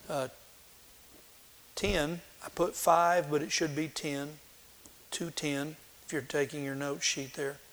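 A male pastor delivers a sermon at an unhurried pace. His voice sits a little high for a man. He moves between dramatic scripture reading and plain, conversational teaching. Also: fairly bright tone. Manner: reads scripture slowly and dramatically, then speaks plainly with restarts.

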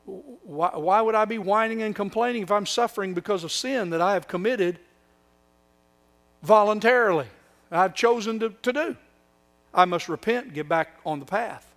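Older preacher, high voice. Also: male voice, moderate pace. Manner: swings from hushed reverent lines to raised, mocking whiny quotes; repeats phrases for emphasis. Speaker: pastor. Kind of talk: sermon.

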